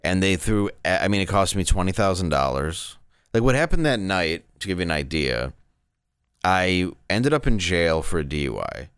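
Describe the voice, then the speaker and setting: A man's voice: deep voice, big pitch swings, moderate pace, a bit bright, clean tone, dry recording, studio quality. A man in his thirties, a stand-up comedian, telling candid, rambling stories in a casual interview.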